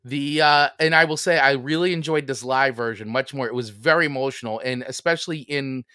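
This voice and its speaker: A man co-hosting a podcast in a casual chat, easygoing and a little halting, often restarting his sentences. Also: mid-range voice, sharp tone, clear, resonant tone, no echo, studio quality. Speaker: podcast co-host.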